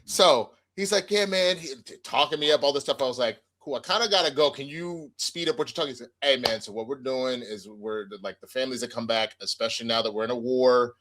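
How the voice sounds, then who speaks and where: A man's voice: mid-range voice, fast talker, hardly any pauses, a bit bright. A young adult man casually telling a funny story, acting out the other people's lines and swearing freely. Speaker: podcast co-host.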